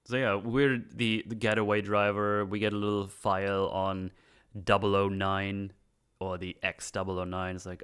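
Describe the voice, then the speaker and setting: A man hosting a casual gaming chat, retelling game scenes with animated, acted-out voices. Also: fairly low pitch, moderate pace, clean tone. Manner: animated storytelling, acts out game characters. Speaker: podcast host.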